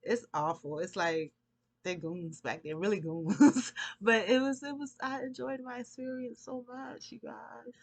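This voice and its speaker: A woman's voice: on the high side, steady tone, a little slow, vocal fry. A woman vlogging, telling a long casual story in a rambling, chatty way and laughing often.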